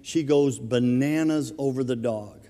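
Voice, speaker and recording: A man preaching a sermon as minister of his church, telling a funny everyday story in a relaxed, conversational way. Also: mid-range voice, measured pace, big-room sound. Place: church sanctuary.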